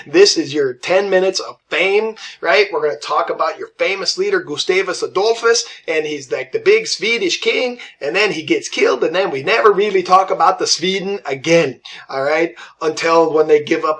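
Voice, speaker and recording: A man's voice: high voice, moderate pace, a bit bright. A man teaching a history lesson in a casual, chatty way, often checking in with "right?" and briefly acting out historical figures. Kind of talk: casual classroom lecture.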